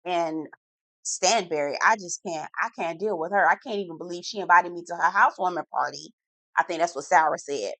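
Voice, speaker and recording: A woman's voice: fairly low pitch, dry recording. Sassy woman recapping reality TV. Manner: sassy, slangy, blunt commentary; lively, drawn-out emphasis. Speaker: TV recap reviewer.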